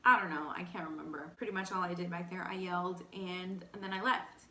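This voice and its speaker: A young woman with a light Texan accent casually telling a personal story between bites, animated and candid, full of "like". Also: fairly low pitch, brisk, echoey room. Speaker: vlogger. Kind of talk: storytime eating show chat.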